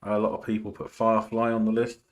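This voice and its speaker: A man's voice: lowish voice, monotone, quick pace. A man casually chatting and joking as he hosts a film watch party, laughing often. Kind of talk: casual live commentary while watching a film.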